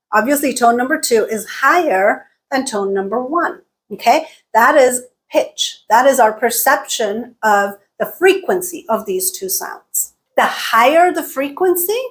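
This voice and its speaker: A woman with a fairly high voice teaches an online English lesson. She explains each point in a clear, measured way. She often checks in with the listener using "right?" or "okay?". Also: lively intonation, a bit bright.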